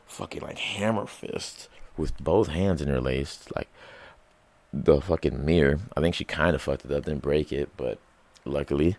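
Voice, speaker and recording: Man, very low gravelly voice, rambling profane storyteller, dry close mic. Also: moderate pace, a little mellow, no room sound. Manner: rambling, profane, full of likes and quoted reactions. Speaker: podcast host. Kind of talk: casual storytelling rant. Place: small room alone with a microphone. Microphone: studio microphone.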